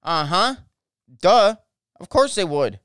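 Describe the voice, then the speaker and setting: A man's voice: high voice, big pitch swings, takes it slowly, fairly bright tone, smooth, no room sound, clean studio sound. Profane, ranting American man. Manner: angry, profane, repeats himself. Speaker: podcast host. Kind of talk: ranting political podcast monologue.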